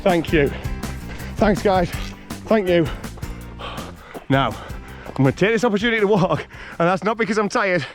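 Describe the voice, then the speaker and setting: A man with a North East English accent, from that part of England, talks over music while vlogging a trail run on hills and through woodland. His voice sits high at a normal speed, and he pauses often. He's out of breath yet chatty and cheery, laughing a lot and greeting other runners in casual commentary.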